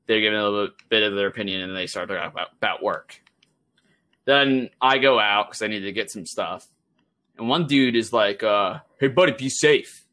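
A young man co-hosting a podcast, telling a story in a loose, animated way, swearing and acting out what people said. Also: lowish voice, fairly quick. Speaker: podcast co-host. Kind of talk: casual podcast chat.

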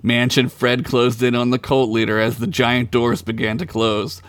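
A man, a podcast host, reading his own story aloud in a relaxed, playful way. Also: medium pitch, normal speed, dry recording.

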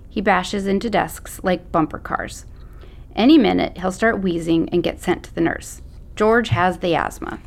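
A woman's voice: fairly low pitch, vocal fry. A woman narrating an audiobook in the first person, with a sassy, slangy teen attitude.

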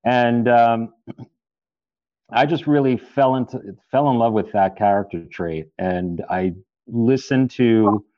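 A man's voice: mid-range voice, slow pace, dry recording, lo-fi sound. A man, an actor, chatting casually in an interview, rambling with many restarts and fillers.

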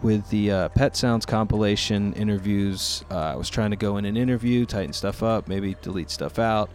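Faint music plays behind a man hosting a podcast from his home, in a room overlooking the city, where he talks stoned and loose into a studio mic with headphones on. The chat is casual and rambling, crammed with fillers. His voice is on the low side and darkish in tone, at a normal speed.

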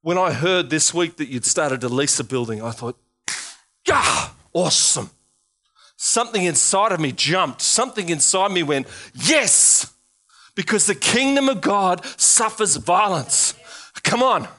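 Male pastor, sermon, high voice, bright tone, exhorting, repetitive calls, joking asides. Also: lively intonation, moderate pace. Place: church.

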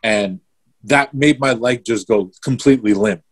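A man's voice: medium pitch, normal speed, breathy edge. A young man telling a story in casual chat, swearing freely and replaying events step by step. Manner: swears a lot, vivid play-by-play retelling.

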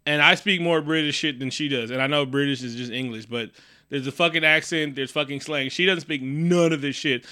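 A man's voice: on the high side, a little fast, clean tone, dry recording, studio quality. A man co-hosting a casual movie review chat, swearing freely and breaking into mocking voices of characters. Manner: profane, animated, does mocking voices of characters. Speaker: podcast co-host.

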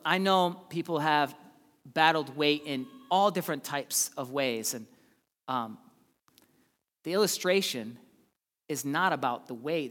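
A man preaching a sermon in a church in a casual, joking way, moving between loud bursts and hushed asides. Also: fairly high pitch. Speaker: pastor. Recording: long hall reverb.

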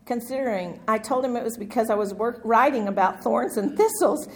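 Brief: middle-aged woman, Bible study teacher, lively storyteller, faint hiss under the voice. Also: on the high side, brisk, low-quality recording. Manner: animated storytelling, acts out her own panic. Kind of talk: Bible study lecture with personal stories.

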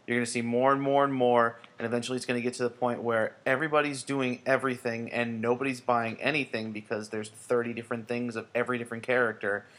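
A man co-hosting a casual podcast, talking in a relaxed, conversational way. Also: mid-range voice, fast talker, hardly any pauses.

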